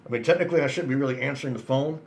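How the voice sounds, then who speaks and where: Man, gravelly voice, worn out, rambling and frustrated, faint hum of air conditioning behind. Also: mid-range voice, rapid-fire. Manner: rambling, jumps between thoughts, swears often; frustrated, disappointed and resigned. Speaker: vlogger addressing male viewers. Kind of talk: casual spoken monologue to camera.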